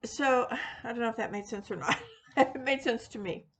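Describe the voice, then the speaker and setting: A woman's voice: on the high side, moderate pace, a bit bright. A woman talking casually to her viewers, rambling with many fillers and restarts and poking fun at herself. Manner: rambling, frequent fillers and restarts, self-deprecating. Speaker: witchcraft video host; teacher of classes. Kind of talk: casual unscripted monologue.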